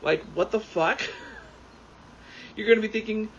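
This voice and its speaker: Rambling, excitable man with a higher voice. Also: slow pace. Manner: rambling, excitable, swears freely. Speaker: gaming YouTuber. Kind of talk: casual commentary while playing. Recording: dull lo-fi sound with faint background noise.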